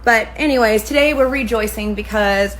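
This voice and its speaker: A woman's voice: on the high side, normal speed, a bit bright, slight background noise, poor audio. A woman who runs a spa, telling a story to camera in a casual, profane rant. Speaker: spa owner, permanent makeup artist.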